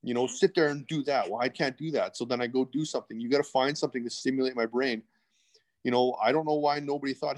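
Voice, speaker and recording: A middle-aged man with a medium-pitched, darkish voice talks fast. He's a podcast guest telling candid stories in a rambling, casual interview style, full of restarts and asides.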